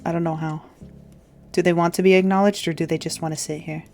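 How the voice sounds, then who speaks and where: A woman's voice: on the low side, level tone, fast, vocal fry, a little mellow, faint music behind. A young woman livestreamer rambling casually to her chat and swearing now and then. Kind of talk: casual live-stream chat.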